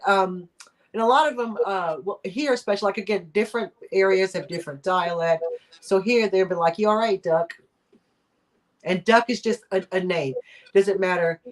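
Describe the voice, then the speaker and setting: A woman hosting a casual live-stream chat, talking in a rambling way with lots of fillers and little laughs. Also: on the low side. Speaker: host of a live chat show.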